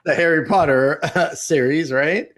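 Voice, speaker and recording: Joking, animated man chatting casually. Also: a little high, moderate pace. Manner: joking, animated, slangy, puts on funny voices. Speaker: podcast co-host. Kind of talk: casual chat.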